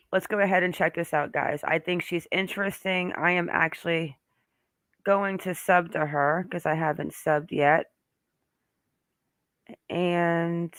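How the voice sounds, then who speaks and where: Slow, bright-voiced live-stream host. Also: medium pitch, creaky, no echo. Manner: joking, chatty, addresses chat directly. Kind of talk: casual live-stream chat. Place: home den.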